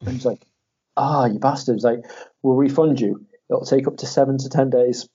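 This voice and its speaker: A man's voice: mid-range voice, normal speed, husky. Man telling a story, lo-fi. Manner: animated storytelling, acts out quotes in a raised voice, swears, laughs often. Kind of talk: casual chat. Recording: dull lo-fi audio.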